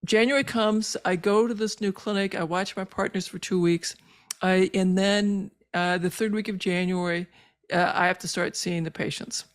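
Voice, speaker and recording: An older woman, a physician, telling her personal story as a podcast guest, earnest and halting with many fillers and moved as she relives it. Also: medium pitch, steady tone. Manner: emotional when reliving moments.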